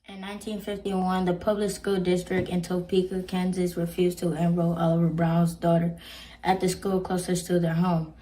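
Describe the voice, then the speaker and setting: A woman reading a prepared history presentation at a church program in a steady, measured way. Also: on the low side, rough recording.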